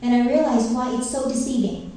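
A woman's voice: a little high, fairly quick, dark tone, a little hiss or hum. A middle-aged woman from Northern California giving a heartfelt church testimony as a missionary speaker, with a few ums along the way. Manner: earnest, heartfelt storytelling with many fillers. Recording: very echoey hall, from far off.

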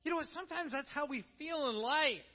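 A middle-aged male pastor preaching a sermon, telling stories with animated energy and acting out the voices of the people he quotes. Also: very high voice, a little fast. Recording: long hall reverb, dull lo-fi sound.

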